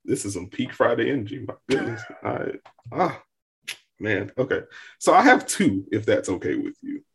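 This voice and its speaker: A man's voice: on the low side, big pitch swings, moderate pace, vocal fry, slight background noise. A young man co-hosting a podcast, talking casually with lots of hedging and amused asides. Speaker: podcast co-host. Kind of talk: casual chat.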